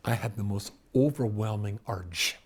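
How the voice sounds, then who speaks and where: A man from Scotland, a rabbi giving a storytelling lecture, animated, with loud exclamations and quiet asides. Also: fairly low pitch, moderate pace, husky.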